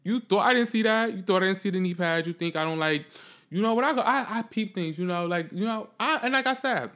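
A man with a somewhat high voice talks solo on his own podcast, unscripted. He is blunt, profane and sassy. He jumps from loud outbursts to low muttering. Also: fairly quick. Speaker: podcast host.

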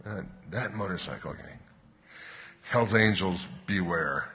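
A man preaching a sermon. He tells wry jokes, then reads scripture slowly like a bedtime story. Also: on the low side, animated, bright, forceful tone. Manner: wry joking, then slow storybook reading. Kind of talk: sermon with humorous readings. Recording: reverberant hall.

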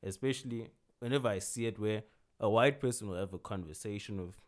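A young man with a South African accent and a fairly low voice tells a story in a casual podcast chat. He speaks in a relaxed, easygoing way and laughs loosely between lines. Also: a little fast.

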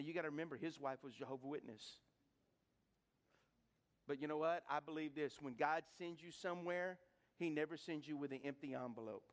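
A man's voice: on the high side, a bit bright. A middle-aged man, preaching a folksy, emphatic sermon. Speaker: pastor.

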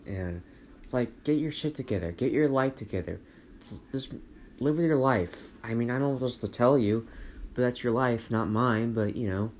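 Low-voiced man ranting on a solo podcast. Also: a little mellow. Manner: rambling, blunt and profane, full of fillers. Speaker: podcast host. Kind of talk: rambling solo podcast monologue. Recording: faint background noise.

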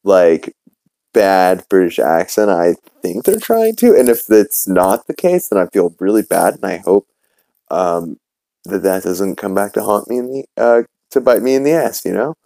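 Brief: low, dark-voiced male podcast host, rambling casual recap, dry close mic. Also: expressive, moderate pace, gravelly, no echo. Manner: rambling, filler-heavy, swears casually.

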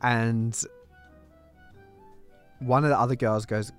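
A young Australian man from Perth co-hosting a podcast, playful and animated as he tells stories. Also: mid-range voice, slow, clean tone, faint music behind. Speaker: podcast co-host. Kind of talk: casual chat.

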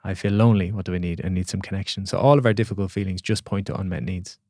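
A man's voice: sits low, fast talker, dry recording, clean studio sound. A man, a podcast guest and coach talking casually and acting out the voices in his stories. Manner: animated storyteller acting out quoted voices.

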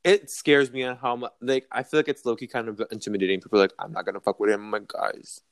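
A teenage boy co-hosting a podcast in casual chat, dramatic and jumping into high squealing impressions. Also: little pitch movement, fast, no room sound, clean studio sound. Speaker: podcast co-host.

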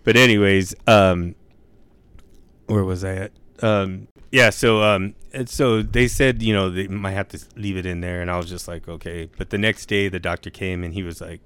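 Laid-back swearing young man, smooth voice. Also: sits low, steady tone, normal speed, a bit bright. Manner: laid-back, swears a lot, says dude and bro. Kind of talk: casual storytelling chat.

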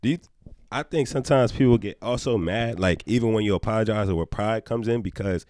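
Low-voiced man in casual podcast chat. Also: fairly quick. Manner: animated, laughs often, swears. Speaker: podcast co-host.

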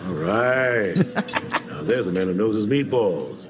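A smooth middle-aged dude confessing, lively pitch, music under it. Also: male voice, takes it slowly. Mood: wry. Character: middle-aged man recounting a smooth people-pleasing habit.

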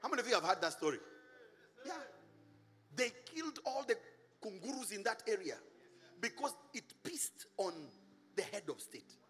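A middle-aged man from Kenya, a pastor preaching a sermon, animated, with singsong shouts and laughing asides to the congregation. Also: high voice, normal speed, long pauses, big-room sound.

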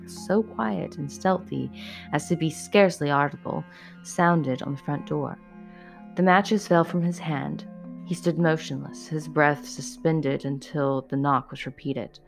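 A woman reading a horror story aloud in a steady, measured way, then chatting to her listeners. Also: sits low, gravelly, soft background music.

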